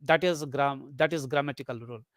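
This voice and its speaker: Lecturer, mid-pitch, methodical webinar delivery that repeats points and demos example sentences; dry, close recording. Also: brisk, dry recording. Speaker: lecturer on English intonation.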